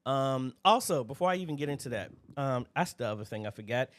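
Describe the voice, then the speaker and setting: A man hosting a casual livestream Q&A, greeting viewers by name in a relaxed, chatty way. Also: medium pitch, quick pace. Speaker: livestream host.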